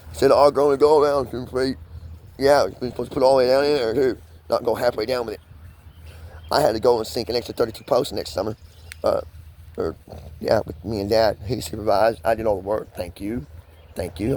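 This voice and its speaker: A man's voice: fairly low pitch, gravelly, a little mellow, slight background noise. A man talking to the camera in a rambling vlog monologue, pressured and profane, swearing in nearly every sentence. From United States. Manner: pressured, rapid, swearing constantly. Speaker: vlogger.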